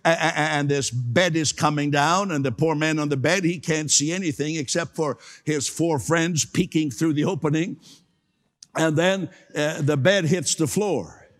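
In a large hall, a man with a slightly high voice preaches a sermon with emphasis. He repeats key phrases and invites the congregation to say them along with him.

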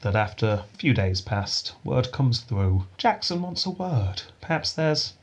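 A man hosting a casual history podcast, telling the story in a relaxed way with frequent chuckles. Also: mid-range voice, measured pace, breathy edge. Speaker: podcast host. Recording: dull lo-fi sound.

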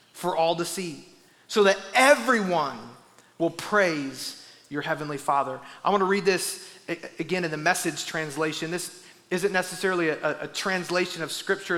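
Man preaching, emphatic, keeps repeating words, high bright voice. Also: in a large hall. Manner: emphatic, repeats words while building a point. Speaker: pastor. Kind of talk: sermon.

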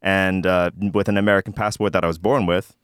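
Laid-back man with a smooth low voice. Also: brisk, no room sound, clean studio sound. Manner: relaxed, laughs often, many restarts. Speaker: podcast guest, stand-up comedian. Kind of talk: casual storytelling chat.

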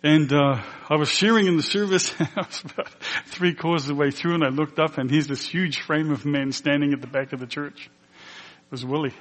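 A man's voice: on the high side, fairly even intonation, normal speed, fairly bright tone. A man who is a pastor telling a personal testimony in a sermon, emotional and earnest, acting out the dialogue as he tells it. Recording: long hall reverb.

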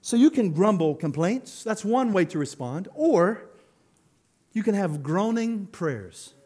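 A man preaching a sermon as pastor, animated, laughing and acting out quotes as he goes. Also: high voice, slow pace.

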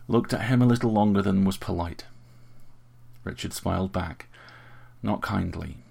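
A man narrating an audiobook story in a measured, even way. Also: deep voice, vocal fry, breathy edge.

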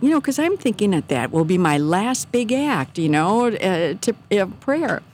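A middle-aged woman telling a personal faith story in casual, earnest talk, animated when she quotes her own thoughts. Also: medium pitch, moderate pace, few pauses, a little hiss or hum.

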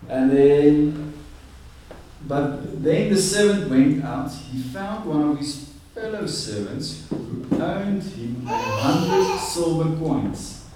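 A man preaching a conversational, animated sermon. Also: on the high side, slow, slight background noise. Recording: echoey room, distant mic.

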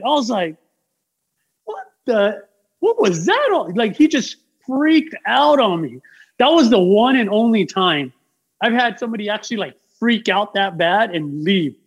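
A man who works as a tattoo artist, chatting casually as a podcast guest and telling stories in a rambling, animated way with lots of fillers. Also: extremely high pitch. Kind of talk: casual podcast chat, storytelling.

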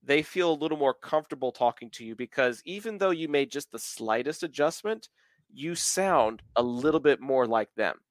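A man's voice: medium pitch, lively intonation, normal speed, dry recording. A man in his thirties from the American South, talking at length as a podcast host, with plenty of filler words. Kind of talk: casual podcast chat.

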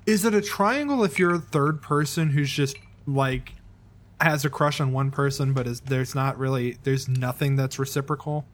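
A man's voice: medium pitch, normal speed. A man co-hosting a casual chat, filling in and correcting story details with hesitant fillers. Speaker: podcast co-host.

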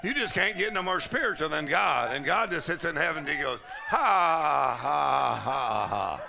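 A middle-aged man preaching a charismatic sermon, breaking into loud laughter and shouts. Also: a little high, lively intonation, quick pace, gravelly, background noise. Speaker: pastor. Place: large conference hall.

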